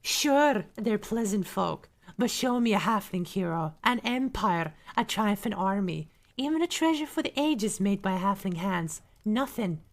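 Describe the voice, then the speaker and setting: A woman's voice: mid-range voice, expressive, a little slow. A woman voicing a proud, clannish dwarf in a put-on Scottish-Irish-like brogue, blunt and opinionated, in an ASMR role-play reading. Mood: gruff. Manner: blunt, opinionated, folksy speech with "ye".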